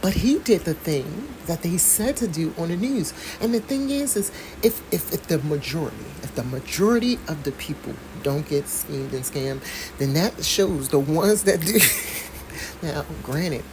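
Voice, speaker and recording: A woman vlogger reads a news article aloud and offers casual, blunt, profane commentary, speaking frankly and adding asides with laughs. Her deep voice is animated and moderately paced, with background noise present.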